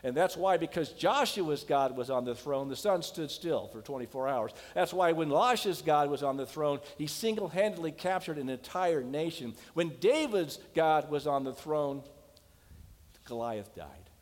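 A man's voice: a little high, animated, normal speed. A man preaching a sermon as a pastor, talking in an emphatic, questioning way and telling stories. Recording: long hall reverb.

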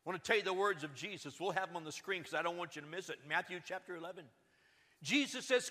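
High, ringing male pastor voice, dramatic shifts from loud to hushed, church-hall reverb. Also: fast talker. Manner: dramatic swings between loud urgency and hushed emphasis. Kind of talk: sermon. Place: church sanctuary.

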